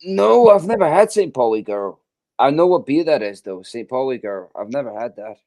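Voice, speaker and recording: A man's voice: medium pitch, sing-song, normal speed, mellow. A man from Scotland chatting casually on a video call, rambling and hesitant with many ums and the odd swear word. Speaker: host. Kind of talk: casual chat.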